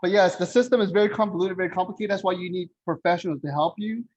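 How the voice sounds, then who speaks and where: A man's voice: high-pitched, fast, darkish tone, muffled recording, a little hiss or hum. A man presenting a home buying workshop as a loan officer, talking bluntly and repeating his key points.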